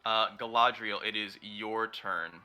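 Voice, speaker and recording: A man's voice: on the low side, flat delivery, measured pace, bright, forceful tone, faint music behind. A man running a tabletop game as dungeon master, narrating with many fillers and easy laughs.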